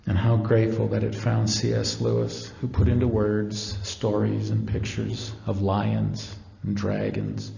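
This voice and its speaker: A man's voice: on the low side, gravelly, mellow. A man giving an earnest, reverent devotional talk to an audience in a lecture hall. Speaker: speaker. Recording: echoey hall, dull lo-fi.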